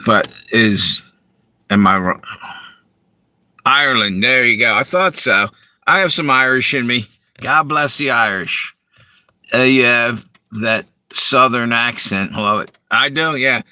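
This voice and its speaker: A man's voice: medium pitch, takes it slowly, long pauses, sharp tone. A man from Delaware, chatting casually on a live stream from his parked car, greeting viewers and rambling between comments.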